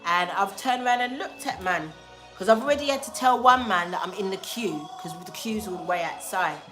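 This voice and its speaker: A woman telling a story casually to a livestream audience, animated and slangy, acting out the lines of the people in it. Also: medium pitch, fairly quick, faint music behind. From England. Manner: animated, slangy, acts out dialogue. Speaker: spiritual livestream host.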